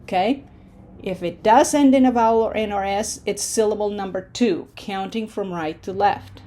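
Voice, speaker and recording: A woman's voice: mid-range voice, moderate pace, dark tone. A woman teaching a pronunciation lesson, patient, checking in often with her students. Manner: patient, checks in with frequent "okay?". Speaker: Spanish teacher.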